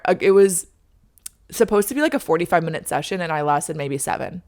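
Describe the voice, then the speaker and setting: A woman's voice: fairly low pitch, lively intonation, a little fast. A young woman hosting a podcast, telling a story in a chatty, dramatic way, full of "like" and acted-out lines. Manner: chatty, heavy use of "like", dramatic re-enactments. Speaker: podcast host. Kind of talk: casual storytelling monologue.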